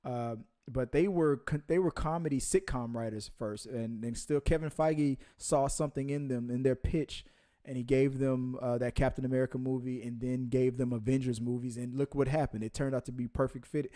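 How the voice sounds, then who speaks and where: A man's voice: mid-range voice, fairly even intonation, normal speed, dark tone. Rambling man co-hosting a movie chat. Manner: rambling, many fillers and restarts. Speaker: podcast co-host. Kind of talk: casual movie news chat.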